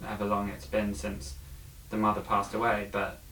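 Low-voiced man musing on a film. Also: completely flat delivery, normal speed, pushed and bright, a little hiss or hum, low-quality recording. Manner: thoughtful, hesitant, many fillers. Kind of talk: casual film discussion.

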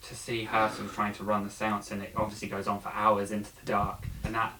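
A man with a fairly low voice, discussing a film in relaxed conversation. He speaks thoughtfully, pausing often with ums and restarts. A faint hiss sits under the recording. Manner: thoughtful, hesitant, many fillers.

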